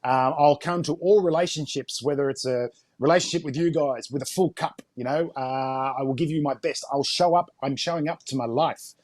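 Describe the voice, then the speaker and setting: A man's voice: on the high side, darkish tone, dry recording. Earnest man on a video call, dry sound. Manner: earnest, emotional, halting with fillers. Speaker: life and fitness coach, guest. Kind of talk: candid conversational interview.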